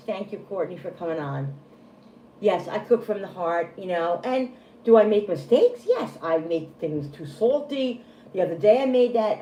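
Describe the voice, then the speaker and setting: A woman's voice: lowish voice, warm tone, dull audio. A middle-aged woman chatting casually on a livestream, rambling from one thought to the next with plenty of restarts and self-deprecating asides. Her voice bounces around an echoey room, with a faint hum of background noise. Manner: rambling, self-deprecating, full of restarts, greets viewers by name. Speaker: livestream host.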